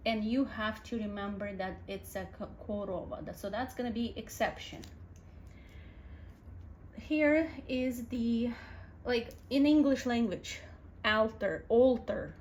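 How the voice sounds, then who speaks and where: Slow-speaking woman teaching letters. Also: fairly high pitch, darkish tone, slight background noise. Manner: patient, spells out sounds letter by letter. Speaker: language teacher. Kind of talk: alphabet lesson.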